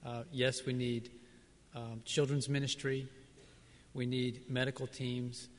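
Male missionary, mid-pitched, earnest and reflective, answering onstage, long hall reverb. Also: little pitch movement, slow pace. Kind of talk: church service interview answers.

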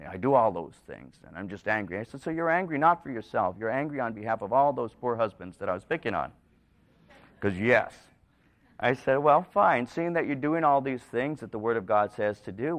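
A man preaching a sermon, telling stories in an animated way and sometimes dropping to quiet, low asides. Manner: storytelling, animated, rising in pitch for emphasis. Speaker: pastor.

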